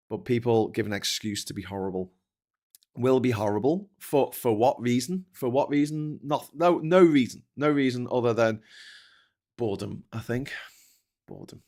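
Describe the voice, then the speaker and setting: A man hosting a livestream, reading viewer comments and ranting with heavy swearing and frequent laughter. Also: medium pitch. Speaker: host. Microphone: desk microphone.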